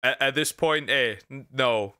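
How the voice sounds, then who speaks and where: A man casually reacting to a video, animated and crude, laughing often and tripping over repeated words. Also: medium pitch, unhurried, clear, resonant tone.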